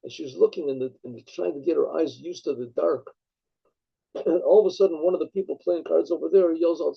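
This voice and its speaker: A rabbi tells a story in a gravelly, husky voice that sits fairly high for a man. He rambles, restarts his sentences and clears his throat often. The recording is dull and lo-fi. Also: a little fast. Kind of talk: storytelling talk.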